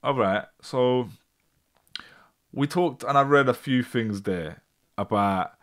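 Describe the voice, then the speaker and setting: A man's voice: medium pitch, a little slow. A man hosting a live stream, chatting casually and getting frustrated with tech glitches. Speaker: host.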